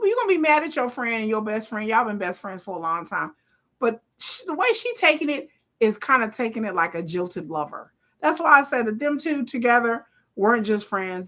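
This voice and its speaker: A woman, hosting a live watch party with blunt, profane, animated casual commentary. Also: mid-range voice. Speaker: live-stream host.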